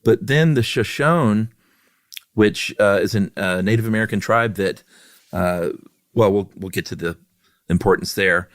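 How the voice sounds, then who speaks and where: A man's voice: lowish voice, a little slow, no room sound, clean studio sound. A man co-hosting a podcast, chatting casually as an easygoing, rambling storyteller. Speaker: podcast co-host. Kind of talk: casual chat.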